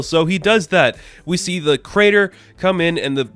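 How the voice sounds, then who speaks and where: A man's voice: fairly high pitch, normal speed, a bit bright, clean tone, faint music behind. A man giving a casual comic book review, chatty and full of fillers, loosely paraphrasing what the characters say.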